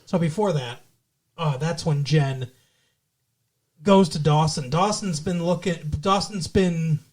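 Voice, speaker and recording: A man's voice: fairly high pitch, slow, darkish tone. A man co-hosting a podcast, chatting casually as he recaps a TV episode, rambling with restarts and acting out quotes. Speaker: podcast co-host.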